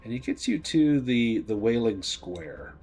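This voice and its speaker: A man narrating as game master of a tabletop game, relaxed and halting. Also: mid-range voice, breathy edge, faint music behind. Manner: relaxed, halting, with fillers and restarts.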